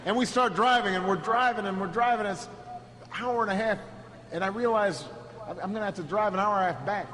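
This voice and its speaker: Man, podium speaker, halting storytelling speech, noisy hall ambience. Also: high voice. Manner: halting, repeats words at restarts; builds to a rousing, shouted close. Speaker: political speaker. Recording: echoey hall with steady background noise.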